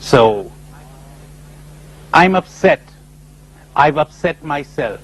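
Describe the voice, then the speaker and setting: A man giving a lively spiritual conference talk, full of rhetorical questions and acted-out voices, on an old tape recording. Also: medium pitch, very slow, pauses often, poor audio. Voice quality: animated, rhetorical, acting out imagined voices. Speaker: speaker at a spiritual retreat conference.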